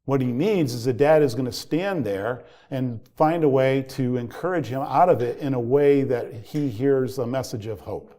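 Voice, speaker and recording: A man's voice: medium pitch, normal speed, hardly any pauses, mellow. A man in his fifties who coaches parents, telling a personal story in an earnest, reflective way that builds to heated emphasis. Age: 50s.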